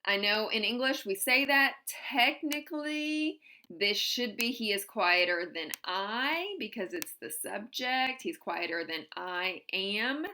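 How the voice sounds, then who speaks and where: A woman teaching a grammar lesson, walking through one example after another in a patient way. Her voice is bright and forward, and she speaks at an unhurried, deliberate pace. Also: mid-range voice, animated. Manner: patient, explains step by step with examples. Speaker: German teacher.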